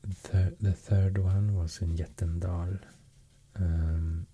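Soft-spoken ASMR man, Swedish accent, deep and very mellow, slow hesitant whisper. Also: little pitch movement, a little hiss or hum. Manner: soft, mostly whispered, hesitant with many fillers. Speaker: ASMR host.

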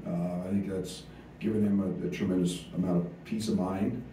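A man, a head basketball coach, answering press conference questions, halting with fillers and restarts. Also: deep voice, flat delivery, mellow. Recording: echoey room, distant mic, faint noise.

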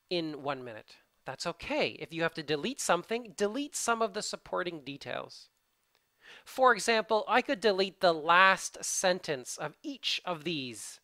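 A teacher with a Canadian accent giving a casual, quick-spoken video tutorial on English test prep. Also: mid-range voice, pushed and bright, no room sound. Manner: fast-talking, casual, informal asides.

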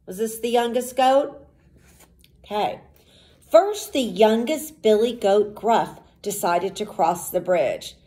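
A woman teacher reads a storybook aloud to children at an unhurried, slow pace. Her pitch swings widely and she keeps coaxing the listeners with questions. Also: expressive, dark tone.

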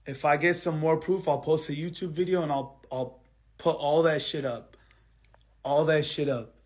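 A man venting on a live stream, his voice sitting a little high for a man. He swears constantly and circles back to the same complaints. His voice keeps sinking low and quiet, then flaring up again. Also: fairly even intonation, normal speed. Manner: angry, heavily profane venting; repetitive, drops quiet then heats up. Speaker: livestreamer. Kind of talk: live stream rant to viewers.

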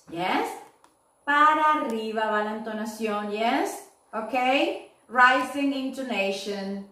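A woman's voice: high-pitched, lively intonation, a bit bright. A woman teaching an English lesson, often checking in with "yes?" and "okay?". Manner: slow, repeats "yes?" and "okay?" to check understanding. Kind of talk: recorded online lesson. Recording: echoey room, voice from far off.

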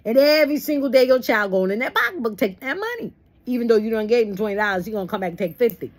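A woman's voice: on the high side, expressive, fast. A woman leading a Bible study, reading the text and breaking into folksy, preachy asides. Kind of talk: conversational Bible study teaching.

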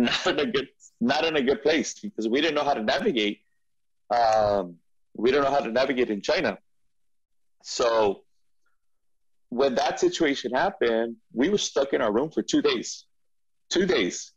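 Animated man telling a story, muffled. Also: mid-range voice, slightly rough. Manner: animated storyteller, frequent restarts and repeats. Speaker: podcast guest. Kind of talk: storytelling in a casual interview. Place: studio.

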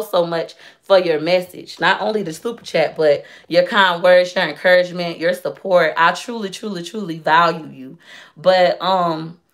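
A woman, hosting a casual livestream for her shop and talking with feeling about her faith straight to viewers. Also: fairly low pitch. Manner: emotional, faith-filled, talks straight to viewers. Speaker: livestream host and shop owner.

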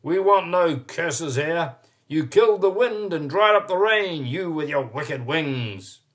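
A man voicing an angry village mayor in a children's story, shouting slow, drawn-out accusations. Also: mid-range voice, sing-song. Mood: furious.

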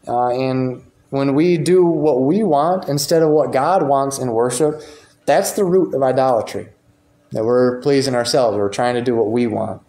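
A man's voice: mid-range voice, mellow. Man teaching a church class. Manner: informal, reads quotations aloud and comments on them. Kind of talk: conversational Bible class lecture. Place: church meeting room. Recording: roomy echo.

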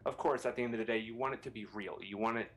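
A man's voice: mid-range voice, steady tone, very fast. A male voice actor on a panel, giving earnest advice and explaining his points with rhetorical questions.

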